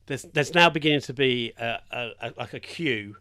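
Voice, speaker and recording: A man's voice: medium pitch, moderate pace, bright, forceful tone. An older man, a hospital radio presenter telling a story in casual chat and laughing often. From England. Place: radio studio.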